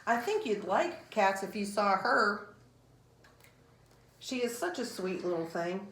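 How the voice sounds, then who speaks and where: A woman's voice: medium pitch, sing-song, slow, a bit bright, full character voice. A woman voicing Alice, an earnest and polite young girl in a storybook reading. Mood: fond. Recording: roomy echo.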